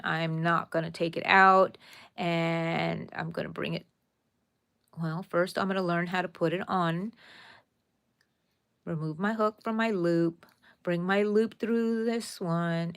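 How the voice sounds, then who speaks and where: A woman's voice: lowish voice, no echo, clean studio sound. Chatty woman teaching crochet. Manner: chatty, talks to viewers as y'all, counts stitches aloud. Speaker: crochet tutorial host. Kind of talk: casual crochet tutorial.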